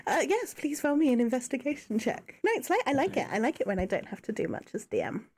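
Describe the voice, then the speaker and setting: A woman's voice: high-pitched, sing-song, quick pace, darkish tone, slightly rough. A woman running a tabletop game as game master, chatty and self-deprecating.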